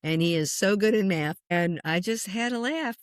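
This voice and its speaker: A middle-aged woman, a spiritual medium, telling a personal story in conversation with lots of lively swings and chuckles. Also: medium pitch, normal speed, smooth, dry recording, clean studio sound. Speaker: spiritual medium and meditation teacher.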